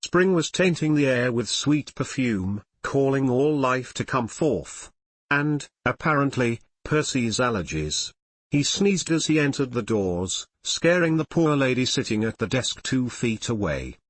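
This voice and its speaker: A male narrator reads fan fiction aloud with a lively, swinging pitch. His voice sits in a middle register and sounds dry and close to the mic. The telling is animated and storytelling. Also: unhurried, dry recording. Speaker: audiobook reader.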